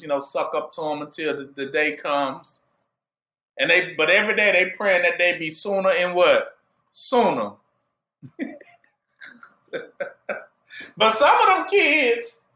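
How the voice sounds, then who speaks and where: A man preaching in a high, swooping voice that rises and falls widely. He keeps throwing rhetorical questions at his listeners in call-and-response fashion. The recording carries a noticeable room echo. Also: bright, forceful tone. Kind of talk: sermon.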